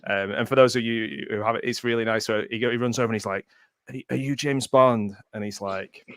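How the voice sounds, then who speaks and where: A man's voice: lowish voice, steady tone, fast talker, fairly bright tone, clean tone, dry recording. A man co-hosting a movie commentary stream, chatting casually and laughing often. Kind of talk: casual chat.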